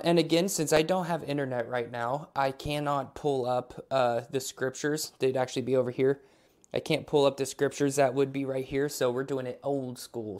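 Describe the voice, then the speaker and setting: A man delivers a sermon in a relaxed, chatty manner, as if talking straight to viewers at home. His voice sits in a middle pitch, and he speaks into a close microphone. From Alaska. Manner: casual, conversational preaching with prayer. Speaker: pastor. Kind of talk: online sermon.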